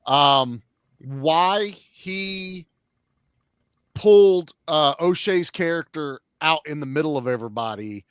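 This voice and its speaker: A man in casual chat, reviewing a film with blunt, profane and animated talk. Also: on the high side, takes it slowly, smooth, no echo, studio quality.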